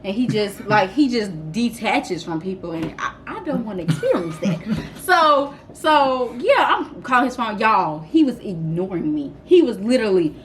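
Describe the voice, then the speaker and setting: A woman's voice: medium pitch, moderate pace, a little hiss or hum. A woman in her twenties telling a storytime vlog story in a casual, laughing, dramatic way. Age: 20s. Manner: animated, laughing, self-described dramatic. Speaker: vlogger.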